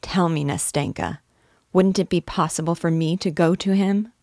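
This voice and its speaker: An eager, timid young man coaxes and insists, as a woman reads his part. The voice is low and gravelly, and the close, dry sound carries every word. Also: normal speed, darkish tone, no echo, natural voice. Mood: urging.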